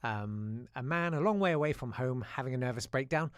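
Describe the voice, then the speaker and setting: Man, show host, wry rambling storyteller, lively pitch, dry close sound. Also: a little fast, clear, resonant tone, dry recording. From South-east London. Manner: wry, rambling, many asides. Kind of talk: casual live-show storytelling.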